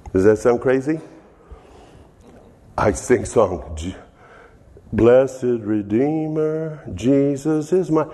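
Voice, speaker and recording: A man's voice: medium pitch, a little mellow, in a large hall. An older man preaching as a pastor, laughing often and dropping to a whisper in prayer. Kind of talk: sermon.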